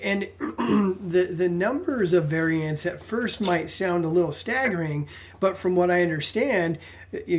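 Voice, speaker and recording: A man hosting a casual conversation, asking thoughtful, somewhat hesitant questions. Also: high voice. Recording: dull lo-fi audio.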